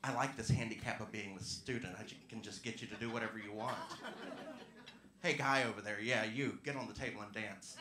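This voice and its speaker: A stand-up comedian from Georgia working the crowd with self-mocking punchlines. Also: male voice, fairly low pitch, fairly even intonation, brisk, heavy background noise. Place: comedy club stage. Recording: echoey club room.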